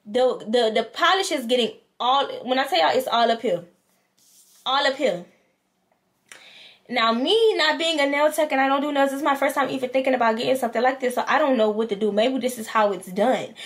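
A woman's voice: high-pitched, brisk. A woman vlogger, animatedly telling a storytime and acting out both sides. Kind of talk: storytime vlog.

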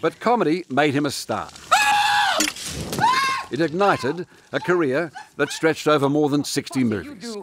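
A male reporter, narrating a TV segment and asking questions in a measured, steady way. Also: on the high side, raised voice, background noise. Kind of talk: TV interview and scripted narration.

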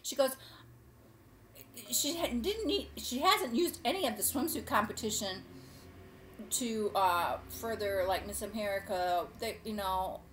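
Excitable woman chatting while eating. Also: medium pitch, unhurried, a little hiss or hum. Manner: excitable, gushing and rambling. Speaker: cooking show host. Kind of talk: casual chat to camera.

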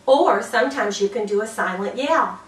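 A woman's voice: a little high, animated, normal speed, reverberant, distant mic, poor audio. A woman demonstrating classroom cheers for teachers, bouncy, with whoops and sound effects. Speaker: early childhood teacher trainer.

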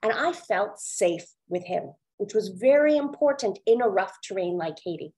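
A woman from India giving an earnest, measured storytelling talk on a webinar over a video call. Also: medium pitch, animated, a little mellow, poor audio. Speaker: webinar speaker.

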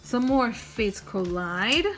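A woman opening trading card packs on camera in a chatty, self-joking way, breaking into gasps of excitement. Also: a little high, takes it slowly, music in the background. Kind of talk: casual pack-opening chat.

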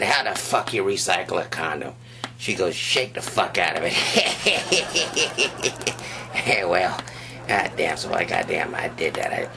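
A man doing a crude, profane stand-up set in a drawling, rough-edged way. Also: low-pitched. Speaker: stand-up comedian. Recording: noisy live club recording.

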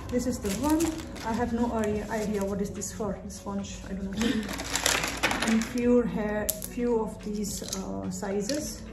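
A woman's voice: mid-range voice, steady tone, measured pace, roomy sound, heavy background noise. A woman from a Tibetan family raised in India, chatting casually in a home vlog, repeating words as she soothes her dog. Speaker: vlogger.

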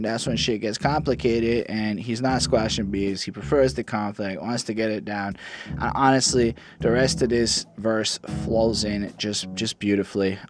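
Enthusiastic man reviewing a rap album. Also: lowish voice. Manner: enthusiastic, swears freely. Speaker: podcast host reviewing albums. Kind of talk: casual track-by-track album review. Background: rap beat playing.

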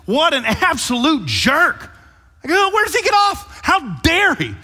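A man voicing an enraged ancient king, yelling outraged rants. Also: very high-pitched, huge pitch swings, measured pace, slight background noise, pitched above the performer's own voice, exaggerated voice. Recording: long hall reverb.

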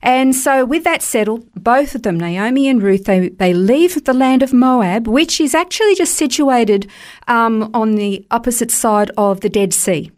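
A woman's voice: on the high side, expressive, a little slow, a little mellow. Emphatic woman teaching the Bible. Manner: emphatic, explanatory, fluent. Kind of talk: radio Bible teaching chat.

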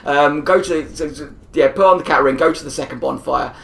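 Gamer rambling through a match, laughs a lot, mid-pitched voice, echoey room. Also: a little fast, gravelly, fairly bright tone. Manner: chatty and rambling, laughs often. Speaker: gameplay commentator. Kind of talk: casual gameplay commentary. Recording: roomy echo.

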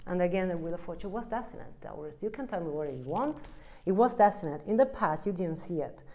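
A woman's voice: fairly low pitch, lively intonation, brisk, darkish tone. A woman with an Italian accent giving a direct-to-camera tarot reading, blunt and emphatic, with broken English. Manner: blunt and emphatic, acts out the listener's inner voice. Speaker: tarot card reader.

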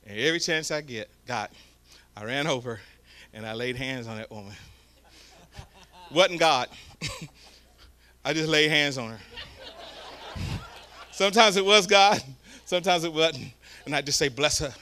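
A man preaching a storytelling sermon, swinging from hushed asides to loud shouts. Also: on the high side, measured pace, pauses often. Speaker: guest preacher. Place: church sanctuary.

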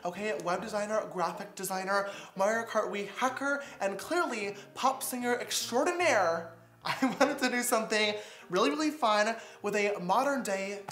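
A man's voice: high voice, normal speed, a bit bright. Sarcastic young man in a roomy echo. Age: young adult. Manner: sarcastic and self-mocking, often laughing. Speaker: YouTuber reacting to his old videos. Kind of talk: reaction commentary.

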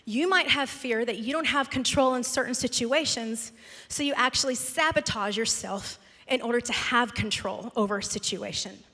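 Animated high-voiced woman pastor preaching. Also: normal speed. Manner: animated, self-mocking storytelling. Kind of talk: storytelling sermon. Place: church sanctuary. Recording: large hall with long reverb.

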